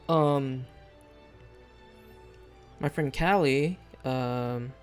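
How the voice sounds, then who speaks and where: A man's voice: medium pitch, gravelly. A man streaming a video game live, chatting casually in a rambling, hesitant way with lots of fillers and restarts.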